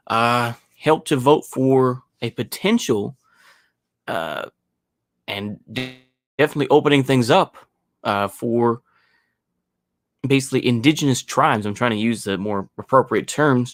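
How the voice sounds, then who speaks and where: A man's voice: mid-range voice, dry recording. Rambling man, dry close sound. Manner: rambling, many fillers and restarts; sarcastic mocking asides. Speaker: podcast host. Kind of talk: casual opinion monologue.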